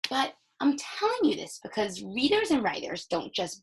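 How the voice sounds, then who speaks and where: A young woman teaching a recorded reading lesson to young children, slowly sounding out the starts of words. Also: on the high side, breathy edge, poor audio. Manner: slow, animated, sounds out words.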